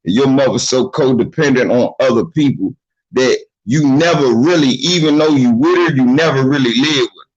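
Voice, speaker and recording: A man's voice: mid-range voice, moderate pace, darkish tone, muffled recording. A man giving blunt, profane, streetwise advice in a casual monologue, acting out the voices of the people he talks about. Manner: acts out quoted voices of others.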